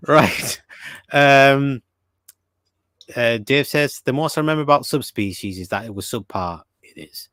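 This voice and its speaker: A man's voice: mid-range voice, unhurried, fairly bright tone, dry recording. A man hosting a casual podcast, reading viewer comments aloud and talking with many fillers and restarts. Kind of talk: casual chat.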